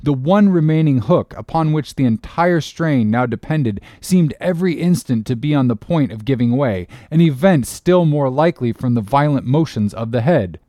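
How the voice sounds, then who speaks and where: A man narrating an audiobook in a steady, expressive reading voice. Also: medium pitch, normal speed, hardly any pauses, no echo, studio quality. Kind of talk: scripted narration.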